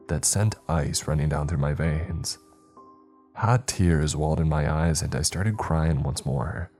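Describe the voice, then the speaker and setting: A man narrating a first-person horror story in a slow, deliberate storytelling manner. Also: extremely low pitch, slightly rough. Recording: soft music bed.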